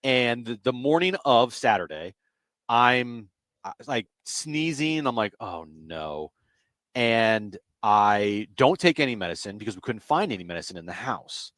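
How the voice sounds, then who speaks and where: A man co-hosting a sports radio show, telling a rambling story in casual chat and often trailing off quietly. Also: mid-range voice, lively intonation, normal speed, dry recording. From United States.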